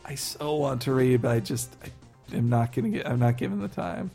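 A man's voice: medium pitch, lively intonation, normal speed, gravelly, dark tone, faint music behind. A man co-hosting a casual podcast chat, playful and teasing, laughing often. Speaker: podcast co-host.

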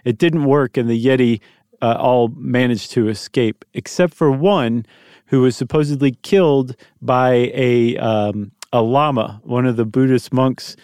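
A man co-hosting a podcast, telling a story in a relaxed, joking way at a middling pitch. He is recorded close in a dry studio, with no room sound at all. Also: measured pace, clear, resonant tone, no room sound. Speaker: podcast co-host. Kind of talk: casual podcast chat.

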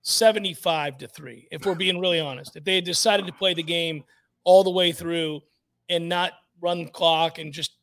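A man's voice: a little high, steady tone, normal speed, fairly bright tone. A man hosting sports talk radio, blunt and emphatic, repeating points for effect.

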